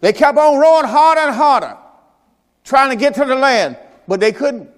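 Animated preacher man in a reverberant church. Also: high voice, normal speed. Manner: animated storytelling, acting out Bible characters, shouting peaks. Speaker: pastor. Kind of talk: sermon. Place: church service.

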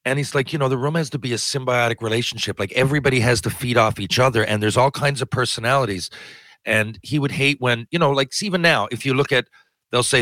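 Host guy chatting, bright punchy voice, low easygoing, cusses a bit. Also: fairly quick, dry recording. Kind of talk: casual chat.

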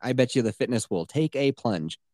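A man's voice: medium pitch, a little fast, no echo, studio quality. Chatty man co-hosting a podcast. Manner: animated, swears, playful voices when quoting. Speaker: podcast co-host. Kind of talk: casual chat.

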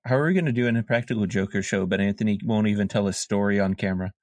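A man's voice: lowish voice, rapid-fire, a little mellow, no echo. A young man co-hosting a comedy podcast, chatting casually and telling a mock-dramatic story. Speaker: podcast co-host. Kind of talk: casual chat and comic storytelling.

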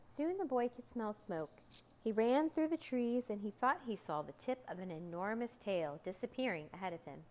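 A woman reads a children's storybook aloud at a calm, steady pace. Her voice sits in a middle register. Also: mid-range voice, normal speed.

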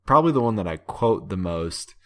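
A man co-hosting a casual film podcast, hesitant and measured, with many ums and pauses. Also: on the low side, very animated, fairly bright tone. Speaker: podcast co-host.

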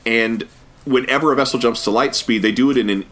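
A man co-hosting a podcast, chatting casually about an animated episode in a thoughtful way with frequent fillers and restarts. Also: mid-range voice, fairly quick, slight background noise. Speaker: podcast co-host. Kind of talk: casual review chat.

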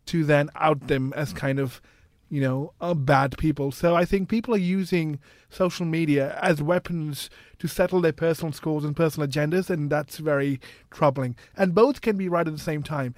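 A man's voice: on the high side, no echo. A man on a radio panel speaks in a slightly raised voice. He reflects aloud, hesitant and full of fillers. The mic is close and dry.

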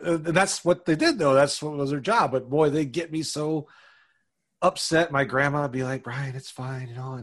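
A man's voice: fairly high pitch, normal speed. A man hosting an interview, prompting with short replies and eager questions. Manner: short encouraging backchannels, eager fan questions. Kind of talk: casual interview.

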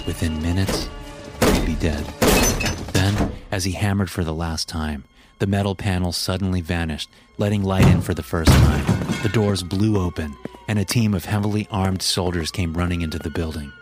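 A man narrating a scripted horror story in a measured, grim way. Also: deep voice. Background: background music.

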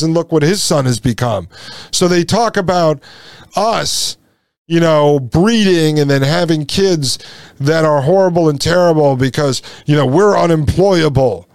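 A man hosting a commentary show, talking to listeners with indignation and repeating his points. He slows down and drops low for emphasis. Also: a little mellow, smooth, no room sound, clean studio sound. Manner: indignant, repeats lines, addresses listeners as folks. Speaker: podcast host. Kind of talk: impassioned commentary.

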